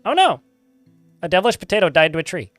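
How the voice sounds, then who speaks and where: A man's voice: high voice, very animated, fast, fairly bright tone, faint music behind. A man chatting casually while livestreaming a game, rambling with lots of filler words. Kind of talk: casual live gameplay chat.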